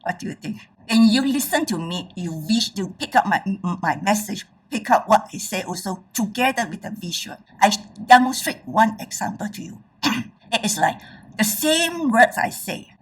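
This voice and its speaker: A woman's voice: medium pitch, expressive, normal speed, husky, distant mic, rough recording. A woman giving a presentation on public speaking as a trainer. She speaks emphatically and keeps checking in with her audience.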